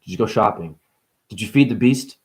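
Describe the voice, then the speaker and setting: A man voicing an imagined Jesus who nags with a string of questions in a lower voice. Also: a little fast, natural voice. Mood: nagging. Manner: low, quizzing, nagging. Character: imagined male Jesus, fussy and demanding.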